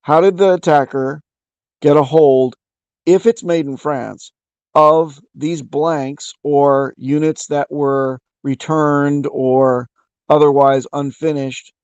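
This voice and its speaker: A man's voice: a little high, fairly even intonation, takes it slowly, a little mellow, smooth, no room sound, muffled recording. Opinionated man on a dry close mic. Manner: opinionated, explains at length with restarts. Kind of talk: casual voice-chat discussion.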